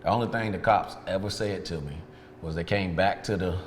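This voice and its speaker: This detailing business owner, a guest in a sit-down interview, talks briskly in a low voice and frankly relays his history, complete with quoted conversations. Long reverb and faint ambient sound fill the room, with slight hiss or hum on the track.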